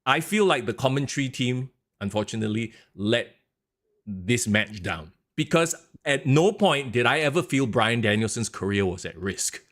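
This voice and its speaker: A man's voice: medium pitch, lively intonation, normal speed, fairly bright tone. A man, co-hosting a casual wrestling podcast, ranting animatedly and mimicking announcers. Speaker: podcast co-host.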